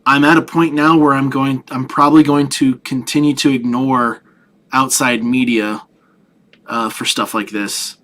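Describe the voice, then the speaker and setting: A man co-hosting a podcast who chats casually about films, speaking haltingly with lots of fillers and restarts. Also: medium pitch, steady tone, a bit bright. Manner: halting, stumbling, many fillers. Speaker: podcast co-host. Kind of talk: casual movie review chat.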